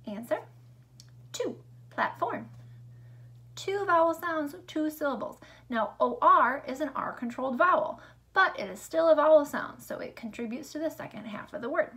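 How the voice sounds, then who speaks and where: A woman teaching a remote lesson to young children, upbeat and sing-song, speaking slowly and clearly. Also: high voice, animated, a bit bright. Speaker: elementary school teacher.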